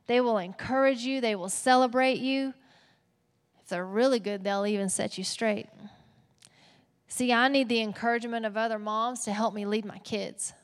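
A woman with a Texas accent preaching a sermon as a pastor, animated and playful with asides. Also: a little high. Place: church auditorium. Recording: long hall reverb.

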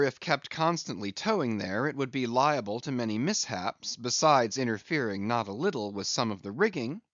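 A man reading a classic sea novel aloud as narrator, in an expressive, measured storytelling manner. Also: mid-range voice, dry recording. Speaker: audiobook narrator. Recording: dry, slightly dull recording.

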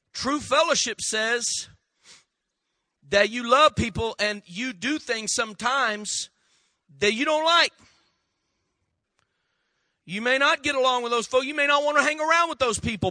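A man preaches in a folksy, storytelling way and keeps calling on the congregation to answer. His voice sits high and rings bright and sharp. The sound is close and dry. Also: expressive, a little slow, pauses often, no room sound. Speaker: pastor. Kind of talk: sermon.

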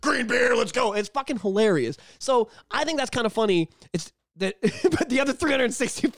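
A man's voice: normal speed, dry recording, clean studio sound. A man hosting a podcast in casual chat, swearing freely and acting out quotes. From Canada. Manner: animated, swears a lot, acts out quotes in high voices. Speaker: podcast host.

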